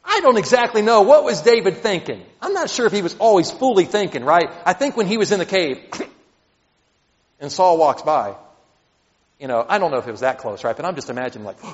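A man preaching a sermon, reading scripture aloud and explaining it with animated emphasis that sometimes builds to near shouting. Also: high-pitched. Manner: animated, rising to near shouts at emotional peaks. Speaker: pastor. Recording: dull audio in a hall with long reverb.

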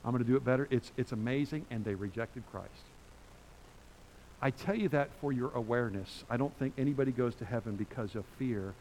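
A man preaching a sermon as pastor, conversational and emphatic, with sudden loud bursts. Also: medium pitch, fairly quick, a little hiss or hum, low-quality recording.

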